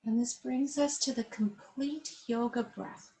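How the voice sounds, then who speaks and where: A woman yoga instructor leading a class over a webcam, giving calm, slow guided instructions. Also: on the high side, poor audio.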